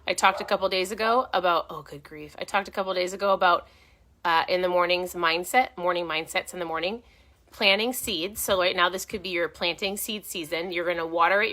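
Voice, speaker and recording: A woman's voice: lowish voice, bright, forceful tone. A middle-aged woman hosting a casual live stream from her home, giving chatty, encouraging diet tips and often restarting her sentences. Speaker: host of a keto diet channel.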